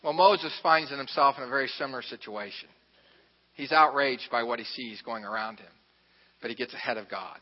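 A pastor tells a personal story during his sermon, speaking conversationally and poking fun at himself while tossing asides to the congregation. His voice is mid-range at a moderate pace, captured in a reverberant, muffled hall.

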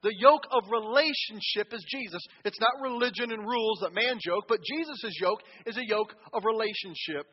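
A man preaching a sermon as pastor, emphatic and swinging between quiet passages and loud cries. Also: high-pitched, moderate pace, hardly any pauses, breathy edge. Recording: dull sound with long hall reverb.

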